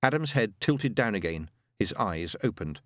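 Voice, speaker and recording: A man narrating a novel as an audiobook with expressive, dramatic storytelling. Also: lowish voice, normal speed, dry recording, clean studio sound.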